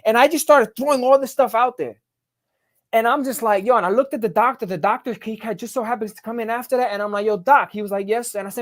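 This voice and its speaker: A middle-aged man tells his story in a rapid, unfiltered stream. His talk is emphatic and full of street profanity, casual and direct. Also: very high voice, fairly bright tone. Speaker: podcast guest.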